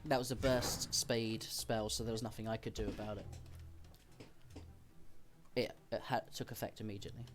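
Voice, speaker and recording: A man's voice: lowish voice, flat delivery, normal speed, long pauses, music in the background. A man streaming a card game, explaining each decision as he thinks aloud. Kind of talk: casual gameplay commentary.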